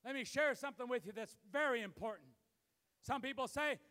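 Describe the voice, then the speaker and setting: A man preaching a sermon as pastor, building to shouted emphasis, recorded in a church. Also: very high voice, animated, fairly quick. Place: church sanctuary. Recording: long hall reverb.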